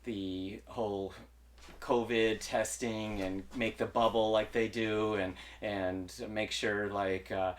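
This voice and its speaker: A man co-hosting a kids' variety show, chatting through announcements with many ums and uhs, quick to laugh. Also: fairly low pitch, little pitch movement. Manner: laughs often, fillers and hesitations when announcing. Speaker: co-host. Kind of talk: playful kids-show banter and sung jingle.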